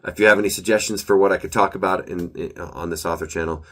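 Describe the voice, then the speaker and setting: A man's voice: low-pitched, fairly even intonation, quick pace, a bit bright. A man talking casually through his weekly author update, rambling and upbeat with frequent self-corrections, his voice a little nasal as he gets over a cold and allergies. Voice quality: slightly nasal.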